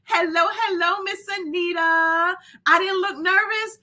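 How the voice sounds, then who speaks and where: A woman's voice: very high voice, steady tone, unhurried, bright, forceful tone. A woman hosting a live stream in casual chat, effusive and rambling, greeting viewers by name. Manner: rambling, many fillers and restarts. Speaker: host of a live show.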